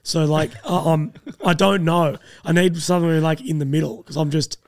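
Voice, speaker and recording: A man's voice: on the high side, fairly even intonation, normal speed, creaky, a little mellow, no room sound, studio quality. A young Australian man chatting casually as a co-host, rambling and hesitant with a sardonic edge. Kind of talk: casual chat.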